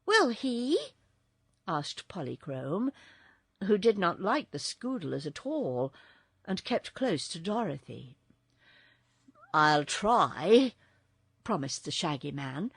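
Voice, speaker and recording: A woman narrating a children's audiobook in a very expressive storytelling voice. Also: deep voice, slow, vocal fry, slightly rough, dry recording, clean studio sound.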